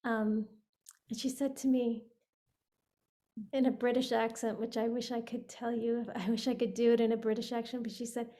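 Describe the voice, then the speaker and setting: Woman, fairly high voice, animated storytelling, laughs often, video call. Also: normal speed. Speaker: participant. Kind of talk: casual group sharing.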